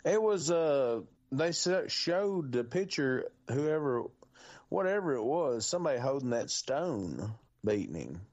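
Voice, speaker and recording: A man's voice: medium pitch, big pitch swings, a little slow, a little mellow. A man co-hosting a podcast, chatting about a horror film in a laid-back, joking way with slangy speech. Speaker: podcast co-host. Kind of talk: casual movie chat. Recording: dull lo-fi mic.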